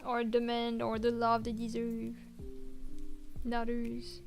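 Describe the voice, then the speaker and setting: A woman's voice: on the high side, monotone, takes it slowly, soft background music. A woman streamer chatting casually while she works, reading out viewers' messages and answering them encouragingly. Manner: soft-spoken, reads chat aloud, encouraging. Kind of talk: casual chat while working.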